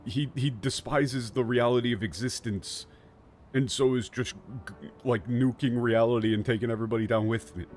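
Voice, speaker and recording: Man streaming a game, sarcastic and irreverent, mid-pitched voice, faint music behind. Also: steady tone, moderate pace, darkish tone. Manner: irreverent, sarcastic, swears, laughs often. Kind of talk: casual game commentary.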